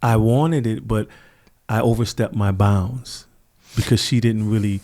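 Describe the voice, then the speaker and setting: A man's voice: on the low side, fairly even intonation, measured pace, mellow. A middle-aged man, a podcast guest, telling stories earnestly and reflectively, acting out the people he quotes. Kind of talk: conversational interview storytelling.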